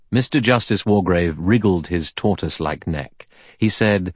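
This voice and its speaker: A man's voice: low voice, a little slow, husky, dry recording, clean studio sound. A man narrating an audiobook steadily and evenly.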